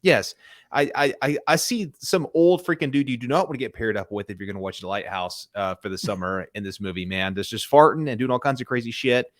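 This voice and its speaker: A man's voice: mid-range voice, brisk, no room sound, clean studio sound. A man co-hosting a casual movie review chat, enthusiastic and loose, peppering his talk with "freaking" and "man.". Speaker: podcast co-host.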